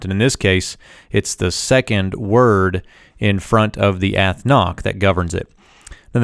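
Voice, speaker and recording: A man's voice: fairly low pitch, clean tone, no room sound, studio quality. A man teaching Biblical Hebrew, walking steadily through a verse and explaining its grammar. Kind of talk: scripted screen-walkthrough lesson.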